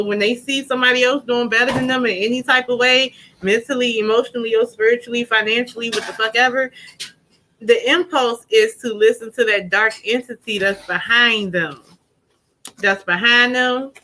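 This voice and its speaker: A woman tarot reader giving a casual pick-a-card reading, talking straight to viewers in a chatty, slangy, animated way. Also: on the high side, poor audio.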